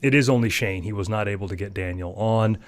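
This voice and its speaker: A man's voice: on the low side, fast talker. A man hosting a tech podcast, chatting casually in a joking, self-mocking way with plenty of fillers. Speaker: podcast host.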